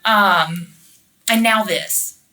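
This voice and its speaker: Bright-voiced woman telling a rambling story. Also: mid-range voice, drawn-out words. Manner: rambling, heavy swearing, many fillers. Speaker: interviewee. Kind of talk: casual storytelling. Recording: roomy echo, mic at a distance.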